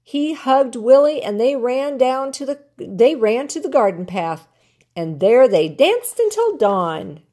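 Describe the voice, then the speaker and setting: An older woman, a grandmother, reading a children's picture book aloud in an expressive, animated way. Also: on the high side, measured pace. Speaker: storyteller grandmother.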